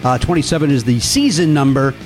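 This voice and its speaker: Fast-talking joking male podcast host. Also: medium pitch, soft background music. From Chicago. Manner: quick, joking, swears freely. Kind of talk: casual comedy podcast chat. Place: Los Angeles.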